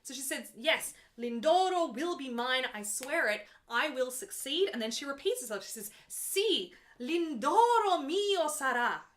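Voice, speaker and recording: Bright, lively woman opera singer chatting. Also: sits high, moderate pace, hardly any pauses, slight background noise. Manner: chatty, explains patiently, laughs easily. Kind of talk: casual explaining between sung demonstrations. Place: her apartment indoors.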